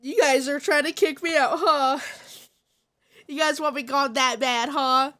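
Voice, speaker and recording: A congested woman streams live, her nose audibly stuffed up as she banters and teases her chat. She talks at an unhurried pace in a fairly high voice with a bright, sharp edge. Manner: playful, teasing the chat.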